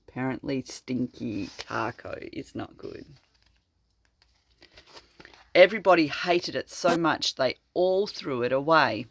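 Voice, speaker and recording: An older woman reading a storybook aloud to her grandchildren, slow and expressive, chatting to them about the pictures. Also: a bass voice. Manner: slow and expressive, chatting to children between lines. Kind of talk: read-aloud storytelling to children.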